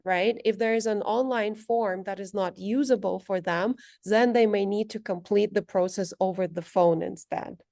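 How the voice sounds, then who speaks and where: Woman teacher talking thru her slides, slow and careful, lots of little pauses, dry close sound. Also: medium pitch, gravelly, a little mellow, no room sound. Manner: measured, explanatory, pauses on fillers. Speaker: language instructor presenting. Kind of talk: presentation walking through slides.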